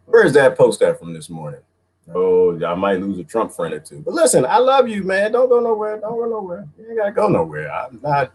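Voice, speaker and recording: A man hosting a casual livestream chat, animated, often jumping into high-pitched bits and laughing as he talks to viewers. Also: a little hiss or hum. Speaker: livestream host.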